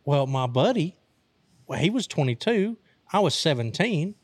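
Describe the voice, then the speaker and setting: A man's voice: on the high side, very animated, normal speed, no room sound. A young man from Arkansas telling a wild story in casual talk, profane and laughing as he goes. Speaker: storyteller host.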